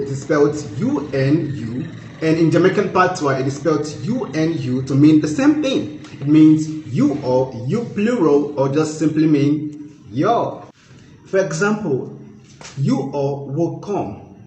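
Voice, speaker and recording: Lively teacherly man, echoey room. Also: fairly high pitch. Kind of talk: explainer lesson. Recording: echoey room with faint noise.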